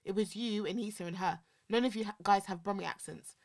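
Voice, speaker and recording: A woman's voice: medium pitch, quick pace. A young woman with a Birmingham accent, co-hosting a casual podcast chat, rambling and going off on tangents. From Birmingham, England. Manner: animated, rambling, goes off on tangents. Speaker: podcast co-host.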